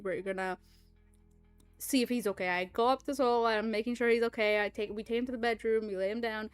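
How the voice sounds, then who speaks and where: A young woman livestreaming, telling a rambling, animated story full of fillers, swearing and laughter. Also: on the high side, normal speed, clean tone, faint music behind. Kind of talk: casual storytelling chat.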